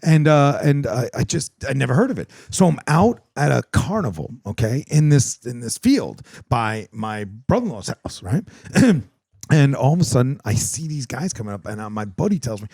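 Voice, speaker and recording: A middle-aged man hosting a podcast, telling rambling stories in a casual, profane, animated way in a studio. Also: medium pitch, normal speed, creaky, breathy edge, no room sound. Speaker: podcast host. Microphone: studio mic with headphones.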